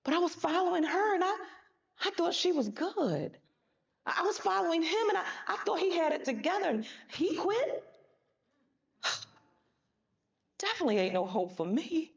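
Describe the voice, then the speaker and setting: A woman's voice: very high-pitched, big pitch swings, normal speed, vocal fry, long pauses, lo-fi sound, pitched above the performer's own voice, exaggerated voice. A woman speaker acting out a discouraged, self-doubting woman giving up on her dream, in a defeated voice. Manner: defeated, trailing off into a whisper.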